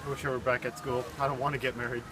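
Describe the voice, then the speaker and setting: A man playing an earnest young man about to marry, speaking in a halting, sincere way in an amateur stage play. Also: medium pitch, flat delivery, lightly acted. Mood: anxious. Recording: noisy with traffic behind.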